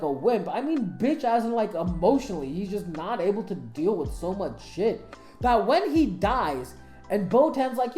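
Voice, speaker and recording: A woman giving casual anime commentary, excitable and emotional, swearing freely. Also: a little high. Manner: excitable, profane, emotional fan talk. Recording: echoey room, faint music.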